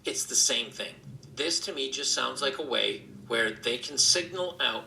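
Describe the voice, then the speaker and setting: A man giving an earnest opinion monologue in a halting way, often restarting his sentences. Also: medium pitch, animated, vocal fry, pushed and bright, roomy sound, a little hiss or hum, rough recording. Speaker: video commentator being reviewed.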